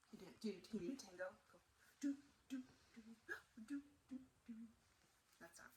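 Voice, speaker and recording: A woman museum storyteller reading a picture book aloud to children, animated and asking them questions. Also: fairly high pitch, a little hiss or hum, rough recording.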